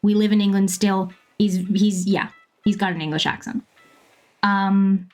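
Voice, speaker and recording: A woman around thirty from Bermuda, chatting casually with viewers while she plays a game, laughing often and filling pauses with ums. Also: mid-range voice, steady tone, soft background music. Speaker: streamer.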